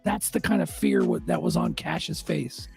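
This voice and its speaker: A man co-hosting a casual chat, excitable and animated, swearing freely. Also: on the high side, normal speed, vocal fry, breathy edge, soft background music. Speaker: podcast co-host.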